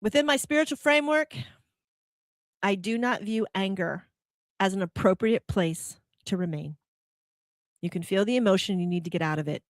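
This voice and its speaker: A woman's voice: mid-range voice, normal speed, pauses often, no echo. Woman giving a spiritual pep talk, keeps firing questions at you, dry close mic, no room sound. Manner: probing rhetorical questions; acts out quoted complaints in a heated voice. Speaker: host.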